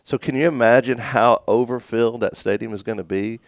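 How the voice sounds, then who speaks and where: A man co-hosting a talk show, chatting excitedly and often repeating himself. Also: mid-range voice, fairly quick, vocal fry, no echo, studio quality. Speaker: radio show co-host. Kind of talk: casual on-air chat.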